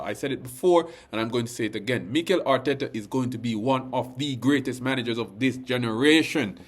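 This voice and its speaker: A man hosting a football fan channel, talking in slangy, animated bursts. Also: medium pitch. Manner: animated, slangy, punctuates lines with "bruv". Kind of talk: excited fan reaction vlog.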